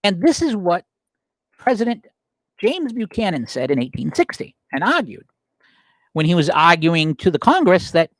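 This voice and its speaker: A man's voice: sits high, wildly swooping pitch, normal speed, fairly bright tone, no echo. A man hosting a podcast and arguing his opinions, using rhetorical questions, restarting sentences and reading quotations aloud. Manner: argumentative, rhetorical questions, frequent self-corrections. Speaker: podcast host.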